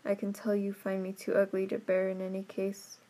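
A woman reading a fairy tale aloud, voicing a lonely, bitter male beast in a low rasping tone with slow, restrained delivery. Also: completely flat delivery, lightly acted. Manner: slow, restrained, quietly pained. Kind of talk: storybook reading.

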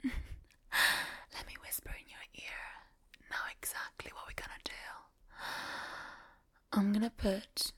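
A woman playing a strict, teasing Italian tutor in a whispered role-play, slow and domineering with soft laughs. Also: medium pitch, husky.

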